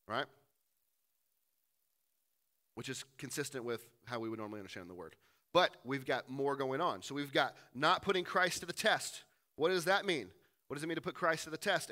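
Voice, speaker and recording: Man preaching with a bright, crisp voice. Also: fairly high pitch. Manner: reads verses aloud and asks rhetorical questions. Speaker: pastor. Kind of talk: sermon, teaching through scripture.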